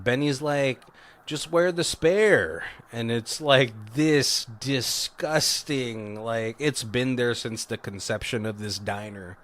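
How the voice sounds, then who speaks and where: A man of ordinary pitch retells a horror movie's plot in a loose, rambling way, often breaking into laughter. He swears freely and slips into quick impressions of the characters as he goes. Plain, everyday podcast chat. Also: fairly bright tone. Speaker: podcast co-host. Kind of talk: casual movie recap chat.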